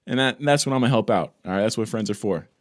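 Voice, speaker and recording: A man co-hosting a podcast, speaking in an easygoing, supportive way with halting "uh" fillers. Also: fairly low pitch, no room sound, studio quality. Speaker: podcast co-host. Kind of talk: casual chat.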